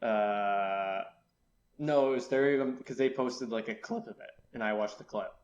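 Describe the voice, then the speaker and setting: A man's voice: mid-range voice, moderate pace, darkish tone, dull audio, slight background noise. A young man, co-hosting a podcast in casual chat, reminiscing with lots of fillers. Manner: laughs, reminiscing, filler-heavy. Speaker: podcast co-host.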